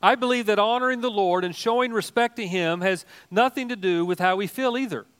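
An older male pastor delivers a sermon in a folksy, animated manner. He mixes humorous asides into his teaching, and his voice sits a little higher than most men's. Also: a little fast, smooth.

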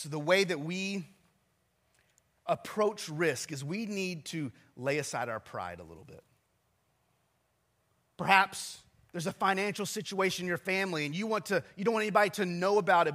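A man's voice: sits high, fairly bright tone. A man in his forties, a pastor preaching a sermon in a chatty, self-deprecating storytelling manner with asides to the congregation. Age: 40s.

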